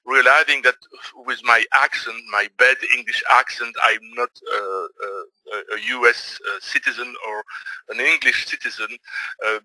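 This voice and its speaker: A man's voice: medium pitch, fairly even intonation, measured pace, sharp tone, no room sound, rough recording. Belgian-accented man presenting, hesitant. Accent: Belgian French. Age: middle-aged. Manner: hesitant, many fillers. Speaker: trading presenter. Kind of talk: webinar presentation.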